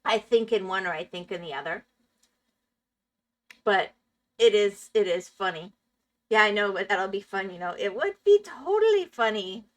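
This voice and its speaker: A woman's voice: medium pitch, steady tone, moderate pace, pauses often, fairly bright tone. A woman live-streaming a game, chatting casually with her viewers and laughing often. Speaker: Minecraft streamer. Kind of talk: casual live-stream chat while gaming.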